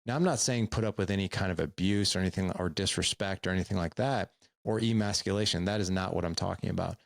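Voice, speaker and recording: Middle-aged male podcast host, deep voice with gravel, candid and repetitive for emphasis. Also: fast, no echo. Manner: earnest, repeats words for emphasis. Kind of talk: candid storytelling advice.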